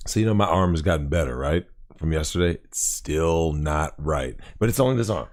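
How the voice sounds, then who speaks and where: A man co-hosting a casual chat, agreeing in short bursts and getting animated when he argues a point. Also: a bass voice, fairly quick. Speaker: co-host.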